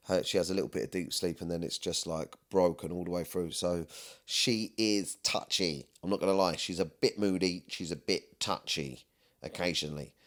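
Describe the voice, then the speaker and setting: A man's voice: low voice, a bit bright. A man hosting a podcast, talking earnestly and at length in a rambling, candid way. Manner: rambling, earnest, often asks "do you know what I mean". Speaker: podcast host. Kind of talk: candid personal chat.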